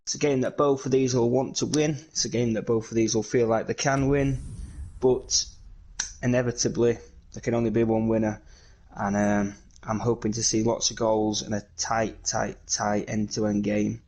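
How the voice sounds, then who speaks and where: A man from England, commentating solo on a video game football match in lively play-by-play that is full of fillers. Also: lowish voice, normal speed, low-quality recording.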